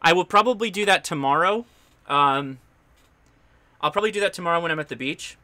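Bright upbeat man hosting a ham radio show. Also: fairly high pitch, fairly quick. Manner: chatty and upbeat, with loose restarts. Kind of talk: live-stream tech explainer. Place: home radio station.

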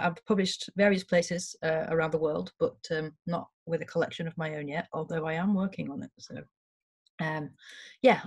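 A woman hosting a poetry reading over a video call, chatting casually with fillers before reading her own poems. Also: lowish voice. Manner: casual, hesitant introductions with many fillers, then firm recitation. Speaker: host and poet.

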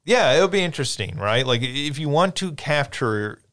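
A man hosting a games podcast in casual chat, relaxed and halting with many fillers. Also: on the high side. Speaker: podcast host.

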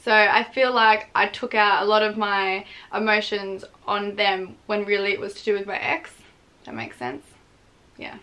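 A woman's voice: medium pitch, normal speed, pushed and bright. A young woman in her twenties chatting casually while reacting to clips of herself, swearing freely and mocking herself.

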